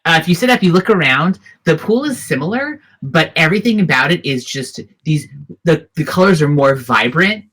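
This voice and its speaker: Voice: mid-range voice, animated, normal speed, fairly bright tone, husky. A game master narrating a tabletop role-playing scene in detail, with frequent fillers and restarts. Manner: descriptive, hesitant with fillers.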